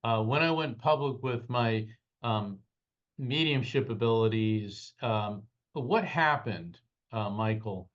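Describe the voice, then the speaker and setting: A man recounts a personal story with growing animation, his voice climbing at the dramatic moments. His pitch sits in the middle range. The audio is dull and lo-fi. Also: takes it slowly. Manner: animated, dramatic retelling with rising pitch at peaks. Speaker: guest, psychic medium and lawyer. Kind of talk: storytelling in a podcast interview.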